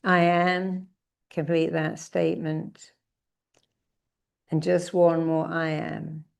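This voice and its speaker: A middle-aged woman leading a guided therapy exercise, directing listeners and calling out affirmations slowly and with force. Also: low voice, little pitch movement, gravelly, clear, resonant tone. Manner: commanding, drawn-out affirmations called out with emphasis.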